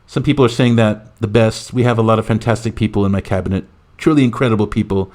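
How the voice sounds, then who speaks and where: A man doing a comic impression of a boastful, rambling male president, who talks loudly and piles on superlatives. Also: on the low side, quick pace, pitched above the performer's own voice, natural voice. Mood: bragging. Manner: loud bragging, repetitive superlatives. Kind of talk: comic impression in a podcast skit.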